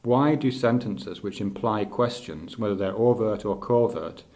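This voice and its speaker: Middle-aged guy, lowish voice, halting and thoughtful, restarts a lot as he muses. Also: a little mellow. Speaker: teacher. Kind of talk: unscripted spoken reflection.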